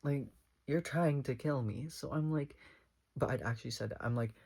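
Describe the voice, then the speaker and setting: A young man vlogging a casual storytime, rambling and animated, with lots of fillers as he retells a conversation. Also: medium pitch, moderate pace, gravelly, husky.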